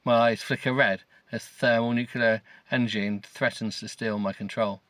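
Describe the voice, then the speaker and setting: A man's voice: mid-range voice, fairly even intonation, normal speed, fairly bright tone, no echo. Sweary middle-aged man reading a novel. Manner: sweary, sarcastic, stumbles over words. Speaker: podcast host. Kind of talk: mocking comedic reading of a novel.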